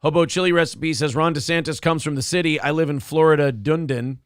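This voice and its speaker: A man's voice: a little high, fairly even intonation, fast, clear, resonant tone, no room sound, clean studio sound. A man co-hosting a morning talk show, chatting casually, joking, swearing and reading out viewer comments. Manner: loose, swearing, jokey, reads viewer comments aloud. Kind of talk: casual chat.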